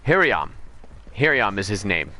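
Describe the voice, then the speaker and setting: A man talks casually over his game stream, retelling a story in a rambling way. His voice sits a bit low but sounds bright and forward. He stops to correct himself, then rushes ahead in quick bursts. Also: sing-song. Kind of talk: casual storytelling while gaming.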